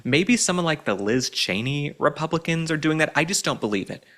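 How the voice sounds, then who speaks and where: A man's voice: a little high, lively intonation, brisk, a bit bright. A man from Dallas hosting a political commentary show, delivering an opinionated monologue in a sarcastic, theatrical way with frequent asides. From Dallas, Texas.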